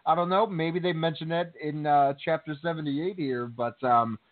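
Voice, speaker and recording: Male co-host, slightly high voice, animated storyteller, phone-quality audio. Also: moderate pace. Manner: chatty, animated storytelling with fillers. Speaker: podcast co-host. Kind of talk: casual chat. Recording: tinny phone line.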